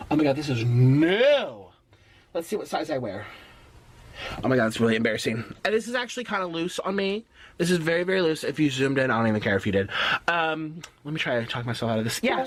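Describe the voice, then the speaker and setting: A man talking casually to camera as a YouTuber, animated and playful, slipping into silly rhymes and sing-song repeats. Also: fairly high pitch, a little hiss or hum.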